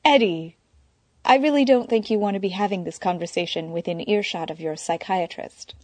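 A woman's voice: mid-range voice, moderate pace, a little mellow, no room sound, close to an everyday voice. A woman voicing a cool, sophisticated woman who chides in a dry, pedantic manner. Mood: dry chiding.

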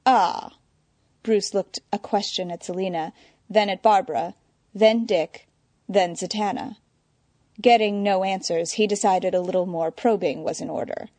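A woman narrating a story in a measured, wry storytelling manner. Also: medium pitch, fairly even intonation, warm tone, no echo. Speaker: audiobook narrator. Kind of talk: scripted narration.

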